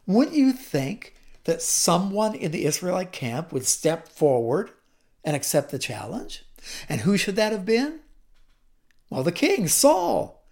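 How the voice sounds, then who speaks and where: A woman's voice: lowish voice, big pitch swings, measured pace, a little mellow. A woman retelling a Bible story in a chatty teaching style, with asides and repeated words.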